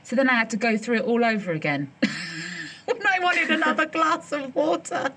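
A woman's voice: high-pitched, normal speed, breathy edge. A woman, co-hosting a podcast in casual chat, telling stories with lots of laughter. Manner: animated storytelling, laughs often. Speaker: podcast co-host.

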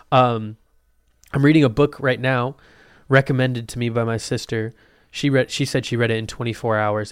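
A young man chatting casually to his viewers, loose and profane, joking around and slipping into quick put-on voices. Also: medium pitch, dry recording, studio quality. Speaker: vlogger. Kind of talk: casual chat to camera.

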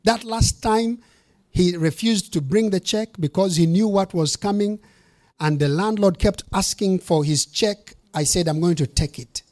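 High-voiced bishop preaching with punch. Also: male voice, measured pace, darkish tone. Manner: emphatic storytelling with punchy repetition. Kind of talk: sermon.

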